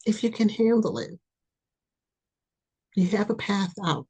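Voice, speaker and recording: A woman hosting a spiritual podcast, giving an impassioned reading that pleads and repeats itself, swinging from loud urging to soft near-whispers. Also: medium pitch, lively intonation, measured pace, slightly rough. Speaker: podcast host, spiritual reader.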